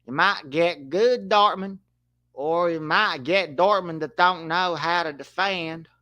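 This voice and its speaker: A man doing an impression of a simple, earnest Southern film character, talking slowly and plainly. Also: fairly high pitch, pushed and bright. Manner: slow, plain, earnest storytelling.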